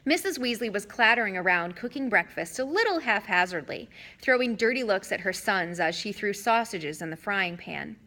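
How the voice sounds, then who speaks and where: A woman narrating a children's fantasy novel in an expressive reading voice. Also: mid-range voice, moderate pace, hardly any pauses. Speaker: audiobook reader. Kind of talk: storybook narration.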